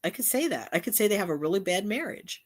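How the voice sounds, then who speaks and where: A woman's voice: mid-range voice, big pitch swings, quick pace. A middle-aged woman hosting a casual livestream, talking in a rambling way with many restarts and asides. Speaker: channel host.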